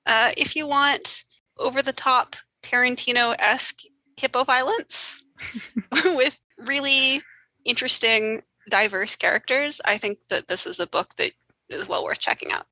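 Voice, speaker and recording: Woman co-host, bright and a bit high, quick and self-deprecating, dry close mic. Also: no room sound, low-quality recording. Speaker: podcast host. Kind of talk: casual book discussion.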